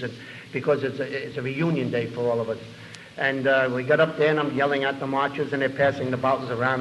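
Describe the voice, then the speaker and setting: A man telling his recovery story to an audience as a lively, self-mocking comic storyteller, in a dull lo-fi recording. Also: mid-range voice, a little hiss or hum. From New York City.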